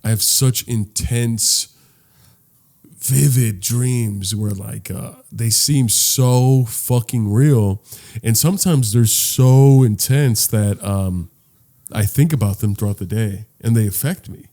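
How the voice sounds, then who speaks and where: A man co-hosting a casual comedy podcast, telling animated stories, acting out quotes and laughing often. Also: on the low side, takes it slowly. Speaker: podcast co-host.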